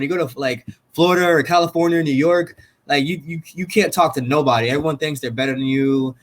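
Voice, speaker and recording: A young man from Jamaica, a fighter guest chatting casually on a podcast, laid-back and animated, laughing often. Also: a little high, brisk, few pauses.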